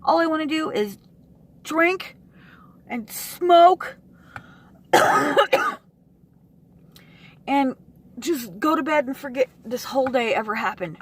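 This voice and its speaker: A woman vlogger venting to her camera, frustrated and swearing, with sighs and pauses. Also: sits high, expressive, slightly rough.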